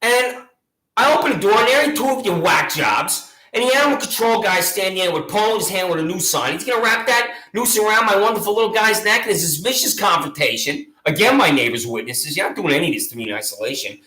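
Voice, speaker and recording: Angry sarcastic man, bright voice. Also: high voice, lively intonation, fast, roomy sound, low-quality recording. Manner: combative, sarcastic, accusatory. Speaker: video channel host. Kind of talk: angry monologue to camera.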